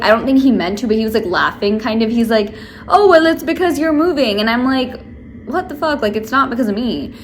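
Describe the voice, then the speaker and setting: A woman's voice: mid-range voice, slight background noise. A young woman vlogging to camera, venting in a rambling way with lots of fillers. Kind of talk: casual chat to camera.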